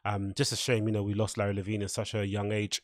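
A man's voice: lowish voice, completely flat delivery, fast, dry recording, clean studio sound. A man hosting his own podcast, rambling casually through his week with lots of fillers. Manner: rambling, loose, filler-heavy. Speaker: podcast host.

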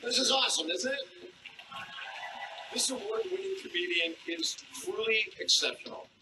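A man's voice: high-pitched, expressive, moderate pace, noisy background. A man hosting a comedy show on stage, introducing the next comedian with showy announcer build-ups. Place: theater stage before a live audience.

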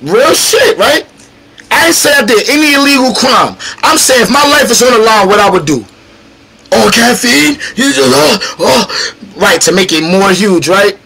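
A man chatting casually on a livestream as a battle rapper guest, animated, profane and combative, teasing the chat directly. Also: high voice, vocal fry.

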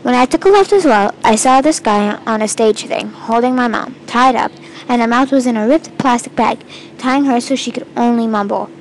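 A woman reading her own first-person fantasy story aloud in an amateur, halting way, with restarts and stumbles. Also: a little high, a little hiss or hum, poor audio. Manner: first-person storytelling with quoted lines read in the same voice.

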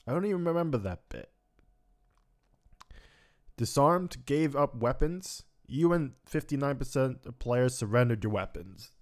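A man's voice: mid-range voice, expressive, unhurried, a little mellow. Tearful young man commentating a game. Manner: emotional, sighing, reading results aloud. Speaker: gaming commentator. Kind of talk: let's play commentary.

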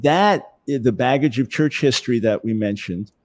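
A man speaking as an interview guest, animated, often repeating words as he builds a point. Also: mid-range voice, moderate pace, dry recording. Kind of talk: conversational interview.

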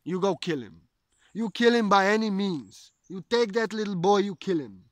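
Proud, angry demon-king father voiced lightly by a male storyteller; higher pitch, dry sound. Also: normal speed, dry recording, natural voice. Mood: commanding.

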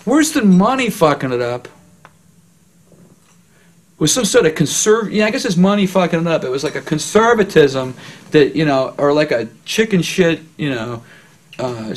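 A man in a documentary interview, thinking aloud in a halting way with mild profanity, restarting as he searches for words. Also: a little high, animated. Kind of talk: reflective interview.

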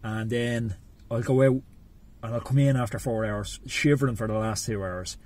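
A middle-aged Irish man, a podcast guest, telling animated stories and acting out his inner voices in casual chat. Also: mid-range voice, moderate pace. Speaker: podcast guest, cycling coach.

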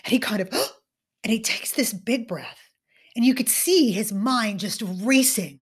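Woman speaker, higher register, animated storyteller who drops to a hush for effect. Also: measured pace, breathy edge. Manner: animated, dramatic, swings between loud and hushed. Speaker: guest, author and keynote speaker. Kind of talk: storytelling in an interview.

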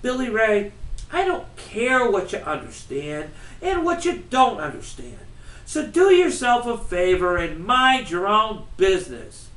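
Brief: sullen teen boy, flat and dismissive, read by a man, high lively voice, roomy and distant. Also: a little slow, full character voice. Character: sullen, cold teenage boy baseball player. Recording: roomy, from far off.

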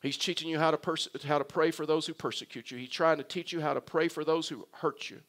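A man's voice: a little high, fairly even intonation, fast, a bit bright. A male pastor preaching a sermon, earnest and emphatic, building his points through repeated phrases.

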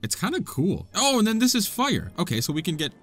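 Young male let's-play host, self-deprecating jokester, animated pitch, faint game music underneath. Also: a little fast. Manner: joking, self-mocking, talks to game characters. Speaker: gaming YouTuber.

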